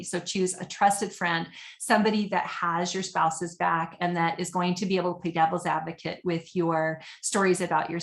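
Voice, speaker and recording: A woman's voice: mid-range voice, reverberant. A woman giving a webinar presentation over a computer mic, earnest and conversational with frequent fillers.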